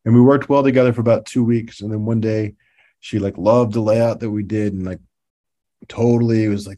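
A man as a podcast guest, telling stories in a relaxed way with laughs and fillers. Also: on the low side, a little fast. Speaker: podcast guest, toy designer. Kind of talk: casual interview.

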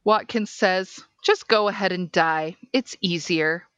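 A woman podcast host reading a case transcript aloud in a measured, deliberate way. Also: on the low side, fairly bright tone, clean tone, dry recording, highs cut off.

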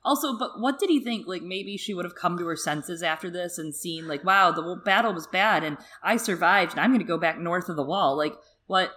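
A woman's voice: lowish voice, brisk, few pauses, bright, forceful tone. A young woman co-hosting a casual podcast over a video call, chatting and reading passages from a book aloud with dramatic emphasis. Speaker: podcast co-host.

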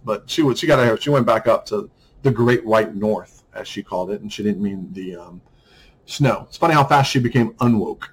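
Husky-voiced man rambling on. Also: lowish voice, low-quality recording. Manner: rambling, many restarts and fillers. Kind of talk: casual monologue.

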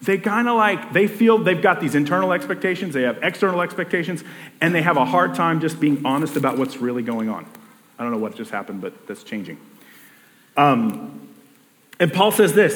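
A man preaches a sermon in a relaxed, conversational way, stumbling over restarts and slipping into little acted-out voices of people talking to themselves. His voice sits a touch high for a man, and a long reverb trails behind every phrase, as if he is in a large hall. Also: moderate pace. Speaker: pastor.

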